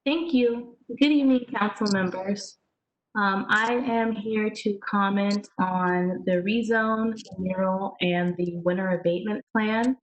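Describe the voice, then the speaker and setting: A woman giving a public comment to council members in a polite, measured way. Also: mid-range voice, steady tone, a little hiss or hum, rough recording.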